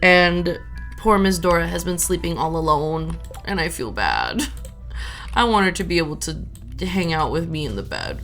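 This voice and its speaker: A woman's voice: on the low side, very animated, normal speed, fairly bright tone, soft background music. A young adult woman streaming a farming game, chatting casually in a rambling way with lots of fillers.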